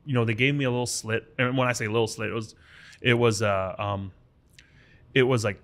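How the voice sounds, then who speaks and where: A man's voice: medium pitch, fairly quick. A man from the United States talks as a guest on a podcast. He tells his story casually and with energy. He restarts his sentences often and acts out what other people said. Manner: animated, acts out quoted dialogue, many restarts.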